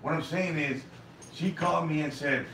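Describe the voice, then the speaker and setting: A man's voice: on the high side, moderate pace, a bit bright, slight background noise. A young man in heated casual talk, baffled, repeating himself and often saying "man". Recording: echoey room, far from mic, faint ambience.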